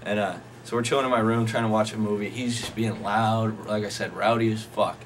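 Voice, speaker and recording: A man's voice: on the low side, fairly even intonation, a little fast. A young man casually telling a rambling, profane anecdote to friends, often laughing as he talks. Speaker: storyteller. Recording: noisy amateur recording.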